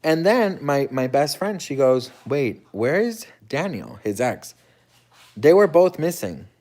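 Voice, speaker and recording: Animated man telling a story. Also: medium pitch, takes it slowly. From United States. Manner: animated, dramatic retelling with quoted dialogue and swearing. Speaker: host. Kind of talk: casual storytelling.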